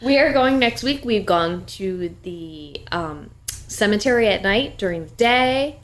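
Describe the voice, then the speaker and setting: A woman's voice: mid-range voice, expressive. A woman co-hosting a podcast, recapping a TV episode in casual, jokey chat. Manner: chatty, jokey, quick asides. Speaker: podcast co-host.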